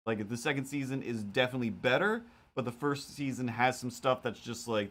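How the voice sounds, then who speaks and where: A man's voice: medium pitch, a little fast, few pauses, a bit bright. A man who is a cartoonist and live streamer, chatting casually in a rambling way, with lots of fillers and playful quotes of his own thoughts.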